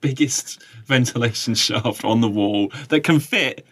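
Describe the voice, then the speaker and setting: A man's voice: mid-range voice, a little slow, slightly rough. A man co-hosts a casual podcast chat. He talks in an easygoing way and laughs often. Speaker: podcast co-host.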